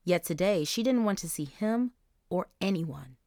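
A woman narrating a young-adult novel as an audiobook, in clear, even storytelling. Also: on the low side, normal speed, dry recording, studio quality. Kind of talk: scripted narration.

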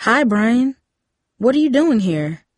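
A defensive teenage girl who keeps her answers short and sharp, as a woman narrator voices her. Her voice sits slightly higher and a touch louder than the narration around it, and the sound is close and dry. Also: big pitch swings, slow, dry recording, heavily acted. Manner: curt, defensive retorts. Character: teenage girl, guarded and quick to snap.

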